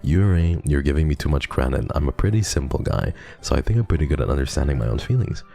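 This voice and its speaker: Very deep, gravelly-voiced male streamer. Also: expressive, fast talker, warm tone. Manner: wry, playful, dramatic outbursts. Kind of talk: gaming livestream, reading a visual novel aloud.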